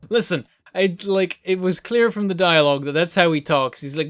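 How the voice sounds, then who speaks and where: A man's voice: fairly high pitch, moderate pace, a bit bright, no echo, studio quality. A man hosting a let's play, giving rambling, self-mocking gameplay commentary and chuckling often.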